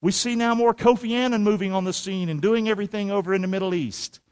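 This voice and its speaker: A man in his forties preaching a sermon to a congregation, animated and often shouting, firing rhetorical questions at the room. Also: high voice, fast talker, clear, resonant tone. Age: 40s. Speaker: pastor. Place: church sanctuary.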